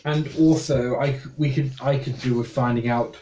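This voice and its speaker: A man playing a tabletop game, speaking in a halting way and stumbling over his words. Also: medium pitch, steady tone, warm tone. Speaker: player. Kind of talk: casual chat at a game table. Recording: echoey room with faint noise.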